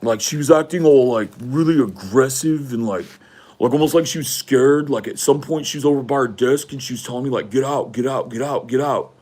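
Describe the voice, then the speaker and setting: A man's voice: medium pitch, fairly quick, darkish tone, breathy edge, pitched above the performer's own voice, natural voice. A man doing an impression of a privileged young male college athlete who rambles and pads every phrase with "like". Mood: whiny.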